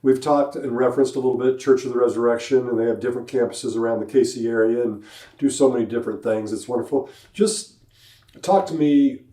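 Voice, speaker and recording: A man's voice: mid-range voice, brisk, warm tone. A man hosting an interview, supportive, asking open questions and backing his guest with short replies. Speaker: podcast host. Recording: distant, echoey room mic.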